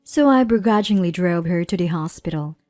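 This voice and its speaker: A woman in her thirties narrating a personal story in a measured, plaintive way. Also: fairly low pitch, lively intonation, dark tone, no room sound, soft background music. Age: 30s.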